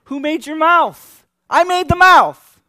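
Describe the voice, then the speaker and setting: A man voicing God speaking from a burning bush, exasperated and emphatic, with a sharply raised, loud voice. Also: very high-pitched, lively intonation, slow pace, no room sound, studio quality, pitched above the performer's own voice, heavily acted. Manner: emphatic, incredulous.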